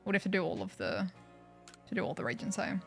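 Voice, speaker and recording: Gravelly-voiced woman streaming a game. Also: medium pitch, expressive, fast talker, a bit bright, soft background music. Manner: chatty, thanks viewers, wry asides. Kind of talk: casual livestream commentary.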